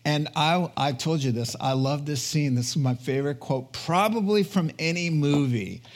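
Earnest, chatty preacher man, higher voice. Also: normal speed. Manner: earnest, chatty, checks in with "right?". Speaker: pastor. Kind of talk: conversational sermon.

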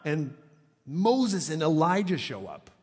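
A male preacher who gives his sermon in a loose, conversational style, his voice pitched a little high for a man. He acts out the quoted lines with animated energy. A long reverb trails behind his words. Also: slow pace, husky.

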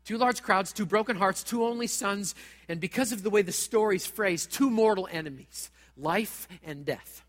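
Guy preaching a dramatic sermon, pretty high voice, big reverby church. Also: normal speed, fairly bright tone. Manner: dramatic, direct, acts out quoted voices. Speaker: pastor.

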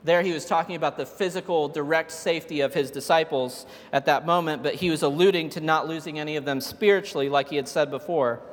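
Man, preacher, high voice, casual storytelling sermon, emphatic peaks, long hall reverb. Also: quick pace, few pauses.

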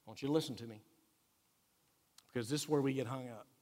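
A man pastor, preaching a sermon earnestly and emphatically, dropping quiet for key points. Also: mid-range voice, quick pace. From Texas. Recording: echoey hall reverb.

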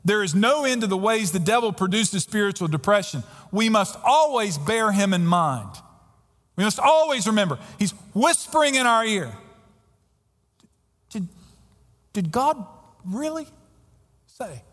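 A man's voice: high voice, lively intonation, moderate pace, a bit bright. A pastor preaching a sermon earnestly and emphatically, often repeating his words as he goes. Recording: long hall reverb.

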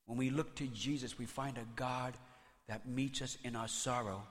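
A man preaching a sermon as pastor, conversational and animated, telling stories with playful asides. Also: medium pitch, moderate pace, big-room sound.

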